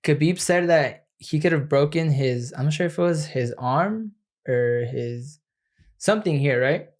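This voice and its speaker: A man in a relaxed podcast conversation, talking in loose slang with plenty of "like" and "dude." He laughs easily and keeps the tone playful and easygoing. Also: fairly high pitch, unhurried. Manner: laid-back, slangy, laughs often, fond of silly impressions. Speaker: podcast co-host. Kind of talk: casual chat.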